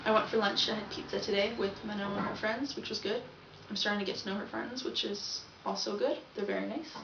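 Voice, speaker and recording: A woman's voice: medium pitch, fairly even intonation, brisk, vocal fry, a bit bright, distant mic, a little hiss or hum. A young woman rambling through a casual video diary and often correcting herself. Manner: chatty, rambling, self-correcting. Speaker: vlogger. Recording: echoey, dull, from off the mic.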